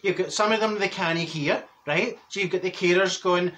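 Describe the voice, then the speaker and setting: A man's voice: sits high, normal speed, a bit bright. A man playing a cheeky, blunt older woman from Glasgow with a Glaswegian accent, rambling through a gossipy comic monologue and laughing at his own jokes.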